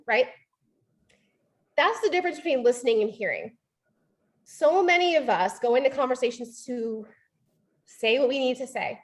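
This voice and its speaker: High-voiced woman coaching a sales team. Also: moderate pace, long pauses. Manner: chatty, acts out example customer lines; frequent "like" and "right?" fillers. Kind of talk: live training talk.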